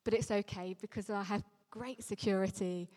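A woman's voice: mid-range voice, steady tone, normal speed, a little mellow. A woman vicar giving an earnest, emphatic sermon. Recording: long reverberant hall sound.

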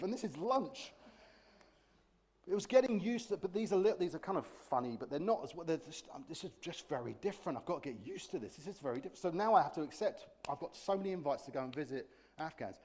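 A middle-aged man preaches with a lively, storytelling delivery, his slightly high voice swinging up and down as he acts out voices. He laughs often and keeps the tone light while making his points. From Britain. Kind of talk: sermon with humorous stories.

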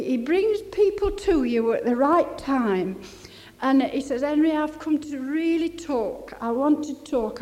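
An older woman, preaching a testimony sermon, rambling and halting, then rising to fervent exclamations. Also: high voice, a little mellow. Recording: long hall reverb.

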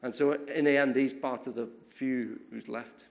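A man preaching a sermon, retelling a story in a lively way, often repeating words and restarting his sentences. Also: medium pitch, moderate pace, vocal fry.

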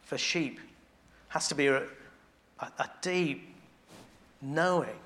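Slow and a little high-voiced, a man preaches a sermon conversationally, restarting phrases as he thinks aloud. On devotional points he turns quiet and intimate.

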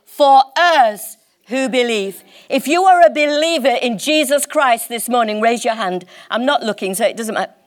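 A woman with a slightly high voice preaches a sermon in church, impassioned and emphatic, slowing down to stress key words.

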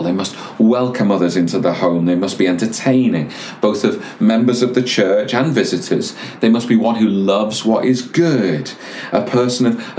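Low-voiced pastor preaching. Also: male voice, a little mellow, reverberant, a little hiss or hum. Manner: measured preaching with pauses and repeated words. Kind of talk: sermon.

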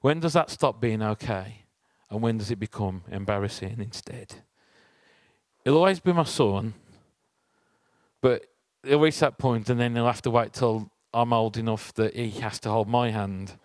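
Speaking in a lowish voice at a moderate pace, this man preaches conversationally from the pulpit, sharing something from his own life. He keeps things chatty and throws rhetorical questions at the congregation, with no room sound on the recording.

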